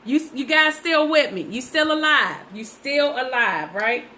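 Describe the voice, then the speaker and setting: Woman host, slightly high voice, chatty livestream from a phone, loops back over her words. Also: expressive, a little slow, sharp tone, a little hiss or hum, rough recording. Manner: chatty, repeats herself, talks straight to viewers. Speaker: livestream host painting sunflowers. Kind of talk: casual live-stream chat while painting.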